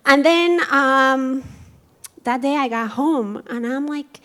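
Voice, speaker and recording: Animated Colombian-accented woman telling her story. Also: high voice, takes it slowly. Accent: Colombian Spanish. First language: Spanish. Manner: animated, acting out quoted dialogue. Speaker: dance company founder. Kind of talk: personal story told to an audience. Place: museum event hall.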